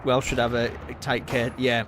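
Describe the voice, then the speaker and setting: A man streams a horror game live, his voice sitting at an ordinary middle pitch. He reacts in quick bursts and swears freely, chatting to viewers with faint noise behind him. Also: level tone. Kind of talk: live gameplay commentary.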